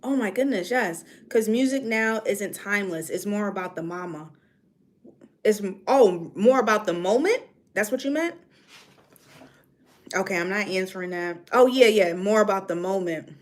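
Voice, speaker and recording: A woman's voice: medium pitch, expressive, normal speed. A woman from New York with a New York accent, chatting casually on a livestream and reading comments, drifting between topics. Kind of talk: casual chat.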